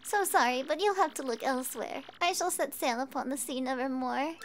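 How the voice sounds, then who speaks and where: A woman reading the lines of a stubborn, retired old male sailor in a video game, with clipped, formal old-fashioned phrasing, a little lower and softer than her usual voice. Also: fairly quick, slight background noise. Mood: stubborn refusal.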